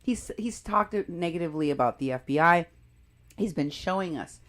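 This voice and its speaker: A woman with a low-set voice co-hosts a casual political talk show. She comments in quick, animated bursts, talking through clips with her co-host.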